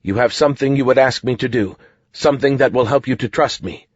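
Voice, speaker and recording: A man voicing a bold, steady young wizard in an audiobook. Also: medium pitch, brisk, no room sound, lo-fi sound, natural voice. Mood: firm.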